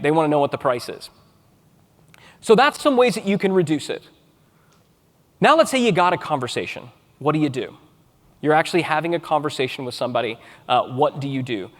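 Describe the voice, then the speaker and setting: A man with a fairly high voice delivers a conference keynote. He speaks in an animated way and acts out example chat messages with a bright upward inflection. The sound carries the long reverb of a large hall.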